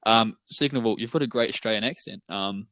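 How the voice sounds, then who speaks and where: A man's voice: lowish voice, quick pace, bright, forceful tone, no echo. A young man with a New Zealand accent, rambling, stumbling and laughing in casual podcast chat. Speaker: podcast co-host.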